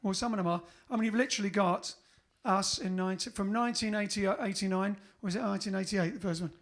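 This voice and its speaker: A man's voice: high voice, steady tone, fast, a bit bright. An English man, a bandleader hosting a livestream, chatting casually in a jokey, rambling way and correcting himself as he goes. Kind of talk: casual chat.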